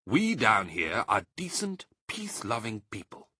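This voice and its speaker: A confident, cunning father fox with a swooping, animated voice, played by a man. His tone is bright and a little husky, and he speaks emphatically. Dry, close recording. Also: lowish voice, measured pace, dry recording, heavily acted. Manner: lively, emphatic, theatrical.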